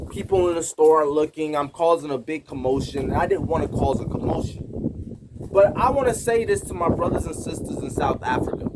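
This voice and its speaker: High-voiced American man telling a story. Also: noisy background. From United States. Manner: emphatic, indignant retelling. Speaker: vlogger. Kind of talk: casual storytelling to camera.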